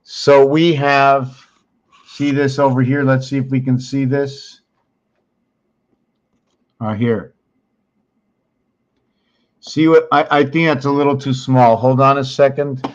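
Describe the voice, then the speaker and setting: A man talks through a screen walkthrough at an unhurried, drawn-out pace, thinking aloud and correcting himself as he goes. His pitch sits in an ordinary middle range. The recording is muffled and lo-fi. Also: steady tone. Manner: slow, rambling, searching aloud with many pauses and self-corrections. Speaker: channel host teaching on screen.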